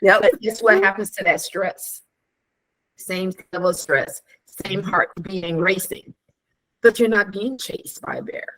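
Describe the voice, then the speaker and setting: A woman in casual chat, telling stories with animated energy, acting out quoted dialogue, laughing often and asking rhetorical questions. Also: mid-range voice, a little slow, rough recording.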